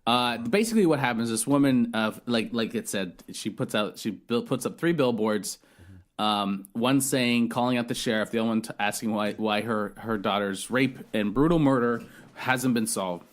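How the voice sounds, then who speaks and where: A man's voice: medium pitch, normal speed. A man hosting a podcast, reviewing a film in casual chat, rambling and swearing with many restarts. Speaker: podcast host.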